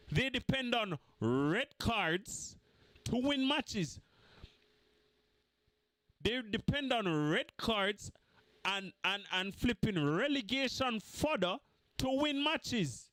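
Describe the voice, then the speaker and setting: Man, high voice, swooping pitch, heated football rant, mocking repetition. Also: a little slow, no echo. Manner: animated, mocking, repeats points for emphasis. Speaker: football fan vlogger.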